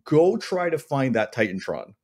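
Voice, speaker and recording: A man's voice: medium pitch, big pitch swings, darkish tone. A man co-hosting a wrestling podcast, joking and rambling in casual chat. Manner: joking, rambling, fast bursts. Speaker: podcast co-host.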